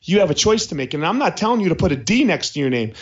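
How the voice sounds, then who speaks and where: Higher-voiced man, easygoing podcast monologue recorded at home, slightly muffled lo-fi sound. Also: very animated, fast talker. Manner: conversational storytelling, repeats points for emphasis. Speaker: podcast host. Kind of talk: casual monologue. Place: his house.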